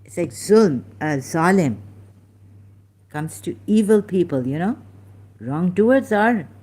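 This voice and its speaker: A woman's voice: fairly low pitch, animated, slow pace, dark tone. A woman speaking casually to camera, hesitant and searching aloud with many fillers and restarts as she looks up verses. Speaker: ex-Muslim commentator. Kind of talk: casual monologue while looking up verses.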